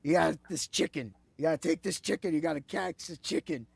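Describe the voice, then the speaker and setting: A man voicing a gruff, pushy old male boxing trainer, barking repetitive coaching orders in a lowered voice. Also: fairly quick, no room sound, heavily acted.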